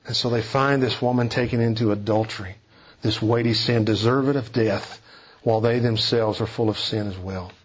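A man's voice: fairly low pitch, steady tone, normal speed, husky, muffled recording. A man preaching a sermon as a pastor, earnest and emphatic, stressing key phrases.

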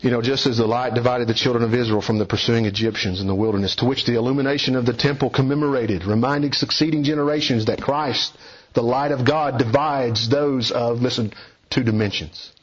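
Husky-voiced male preacher, emphatic and urging, mid pitch, dull lo-fi recording. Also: a little fast. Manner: emphatic, rising and falling for emphasis, urging listeners. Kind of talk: expository sermon.

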